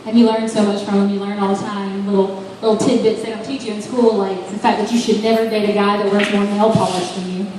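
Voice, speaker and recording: A woman's voice: medium pitch, little pitch movement, fast talker, few pauses. A young woman doing a stand-up comedy set, telling self-deprecating stories and chatting with the crowd. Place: bar open mic stage. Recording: echoey room, distant mic, background noise.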